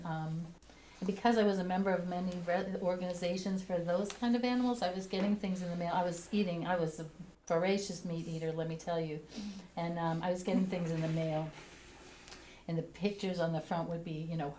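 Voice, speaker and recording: A middle-aged woman sharing a heartfelt personal story with a church group, speaking gently and hesitantly with many fillers. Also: fairly low pitch, slight background noise. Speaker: congregation member sharing. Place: church meeting room, also on video call. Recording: echoey room.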